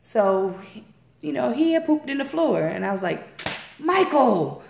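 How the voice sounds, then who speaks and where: A woman's voice: fairly high pitch, moderate pace, gravelly, a little hiss or hum. A woman in her fifties, a grandmother casually telling family stories and acting out the voices in them. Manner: animated, acts out voices in anecdotes. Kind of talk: casual storytelling. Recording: roomy echo.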